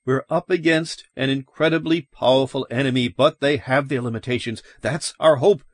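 A man's voice: medium pitch, fairly even intonation, normal speed, no echo, lightly acted. A man voicing a tense, urgent middle-aged husband and father in an audiobook, talking in an insistent, commanding way. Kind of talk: audiobook character voice.

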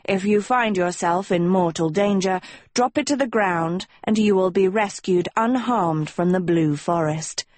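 A woman's voice: on the low side, measured pace, a little mellow, dry recording. A woman voicing a pompous talking dog who reads out school rules in a formal, lecturing way. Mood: reassuring. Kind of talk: audiobook character voice.

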